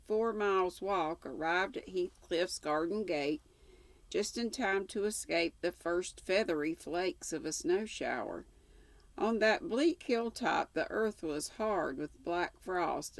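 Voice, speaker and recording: An older woman reading a classic novel aloud, unhurried, with casual asides now and then. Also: on the low side, creaky, dry recording. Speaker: audiobook reader.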